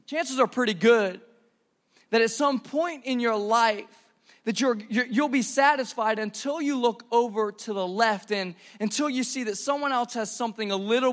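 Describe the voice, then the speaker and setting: Young man, high-pitched voice, church sermon, casual slang, stumbles over sentence starts. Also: a bit bright. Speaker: preacher.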